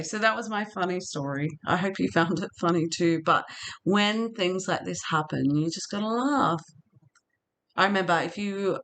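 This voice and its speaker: A woman's voice: fairly low pitch, a bit bright. A middle-aged woman vlogger telling a story to camera in a casual, chatty way, often laughing.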